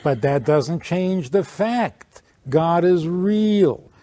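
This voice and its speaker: A man, a rabbi, giving an informal teaching talk to a small audience, speaking in an animated way and acting out little dialogues. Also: sits high, drawn-out words, no room sound. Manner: animated, plays out dialogues, chuckles.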